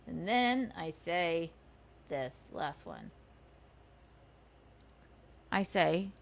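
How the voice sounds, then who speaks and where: A woman's voice: on the low side, big pitch swings, drawn-out words, vocal fry, pauses often. A woman hosting a livestream, ranting sarcastically and profanely, scolding her critics between bursts of laughter. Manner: indignant, scolding. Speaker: livestream host.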